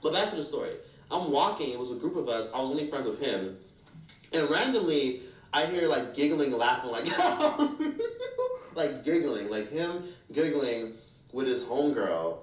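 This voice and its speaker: A man's voice: mid-range voice, animated, moderate pace, distant mic. Man, commentary YouTuber, frank and foul-mouthed storyteller, echoey room, set back from the mic. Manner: candid, profane and blunt.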